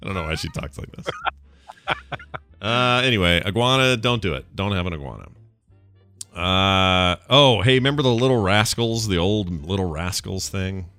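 Man, low voice, animated swings, joking podcast banter, dry close mic. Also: moderate pace, no echo, faint music behind. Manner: jokey, breaks into silly high put-on voices. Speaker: podcast co-host. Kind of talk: casual comedic chat.

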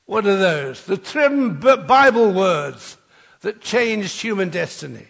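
A man's voice: high voice, big pitch swings, takes it slowly, vocal fry, fairly bright tone, in a large hall. An older man preaching an Easter sermon, rousing and leading the congregation in call-and-response.

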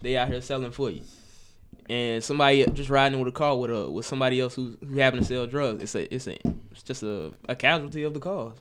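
Rapid-talking man with faint background hiss. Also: mid-range voice. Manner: rapid, stumbling restarts. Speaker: podcast co-host. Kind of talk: casual podcast chat.

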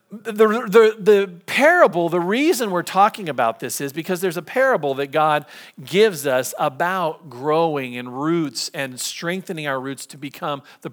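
A middle-aged man preaching a sermon as pastor, conversational and storytelling, slipping into lively impressions. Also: on the high side.

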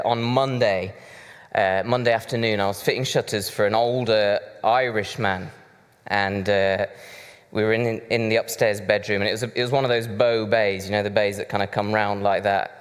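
A man preaching a sermon, conversational and chatty with side remarks. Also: on the low side. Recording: reverberant hall.

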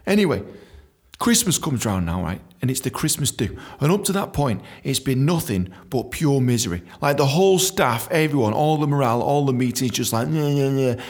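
A man's voice: mid-range voice, animated, brisk. A young adult man from England telling a story casually, swearing often and saying "man" a lot. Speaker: podcast storyteller.

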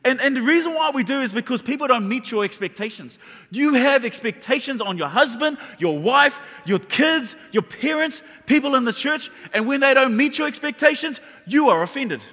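A man's voice: very high-pitched, normal speed. A man preaching a sermon, telling a funny personal story and talking straight to the congregation. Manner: animated and humorous, addresses the audience directly. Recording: reverberant hall.

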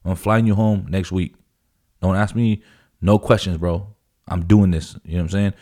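A man's voice: low-pitched, fairly even intonation, moderate pace, darkish tone. A man in his thirties from California, telling stories in casual podcast chat with lots of swearing and "bro". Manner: profane, emphatic storytelling, says "bro" constantly. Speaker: podcast guest.

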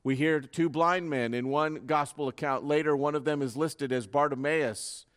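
A man preaching a sermon with fervor, dropping to a hush and then rising to loud, dramatic peaks. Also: fairly high pitch, fairly even intonation, moderate pace. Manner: dramatic preaching, swinging from hushed to loud, fervent.

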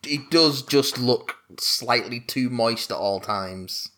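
A man's voice: medium pitch, slow, fairly bright tone. A man in casual film talk, wry and sarcastic in his asides. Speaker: podcast co-host.

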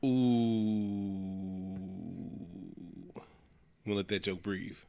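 A man co-hosting a casual podcast, retelling a movie scene by scene in an animated way and slipping into voices for the characters. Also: medium pitch, moderate pace, smooth, no room sound. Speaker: podcast co-host. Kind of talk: casual movie recap chat.

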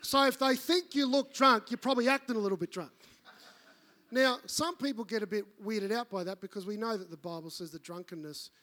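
Animated high-voiced preacher. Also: male voice, fairly quick. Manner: animated, acts out voices in his stories. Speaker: pastor. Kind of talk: sermon with storytelling.

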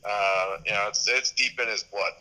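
Man, 30s, podcast guest, very bright tone, rambling, casual. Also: fairly low pitch, steady tone, normal speed, poor audio. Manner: rambling, many restarts and fillers. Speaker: podcast guest, sports media host. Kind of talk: casual interview chat.

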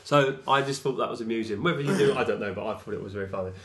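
A man's voice: fairly low pitch, rapid-fire. A man chatting casually as a podcast co-host, telling a story in a rambling way full of restarts. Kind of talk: casual chat. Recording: roomy echo.

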